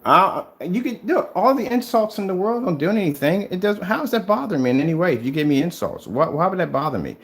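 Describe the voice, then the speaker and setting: A man in his fifties recording a confrontational vlog at home, goading a rival again and again to prove his claims. His pitch swings widely, leaping up high whenever he repeats the challenge, and he keeps a mocking, needling tone throughout. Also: sing-song, fast talker, hardly any pauses. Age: 50s. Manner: taunting and repetitive, pitch jumping up on challenges. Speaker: DIY projector screen paint vlogger. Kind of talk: confrontational video rebuttal. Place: at home, showing his screen.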